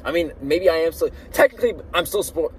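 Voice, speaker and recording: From the driver's seat of a car at a drive-thru, a vlogger chats and rants into a phone held in one hand, his fairly high voice swinging from mutters to loud outbursts at a fairly quick pace. He's far from the mic, the recording is rough, and faint traffic hums outside during this casual car vlog.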